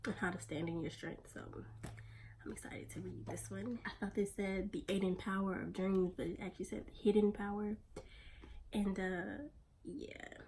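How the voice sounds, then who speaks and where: A woman vlogs casually into her phone, chatty and slangy as she addresses her viewers. Her voice sits at a middling pitch for a woman. A faint hiss of background noise runs under the recording. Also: fairly even intonation, normal speed, dark tone. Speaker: vlogger. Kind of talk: casual vlog chat. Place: on the go, car and errands.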